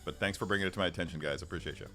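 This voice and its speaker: Deep-voiced rambling middle-aged man. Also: very fast, bright, forceful tone. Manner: rambling, many restarts and chuckles. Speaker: livestream host. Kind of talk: casual chat with live chat. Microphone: studio microphone. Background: faint background music.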